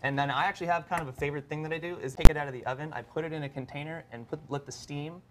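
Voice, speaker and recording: A man's voice: on the high side, fairly even intonation, rapid-fire, very noisy. A man, a chef guest on a morning TV show, demonstrating a recipe politely in a studio kitchen. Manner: polite, answers with yes ma'am. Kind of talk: cooking demonstration.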